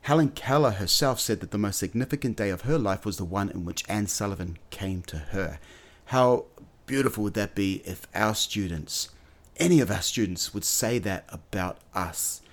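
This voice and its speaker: A man's voice: fairly low pitch, normal speed. A man hosting an educational podcast, telling a story in an earnest way with the odd filler word. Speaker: podcast host.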